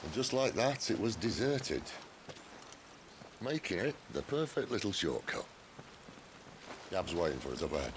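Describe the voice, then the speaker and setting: An actor playing a gruff, wry middle-aged rebel leader with a Northern English accent, speaking in a dry, commanding way. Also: male voice, sits low, big pitch swings, normal speed, long pauses. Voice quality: gravelly. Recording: game audio with rain noise.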